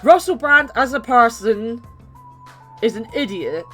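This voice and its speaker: A woman's voice: on the high side, animated, a little slow, bright, forceful tone, soft background music. A young woman from the West Country with a mild British accent, rambling and laughing as she chats with her stream viewers. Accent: mild British, light West Country. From West Country, England. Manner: rambling, chatty, laughs often. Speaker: game streamer. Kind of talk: casual chat with stream viewers.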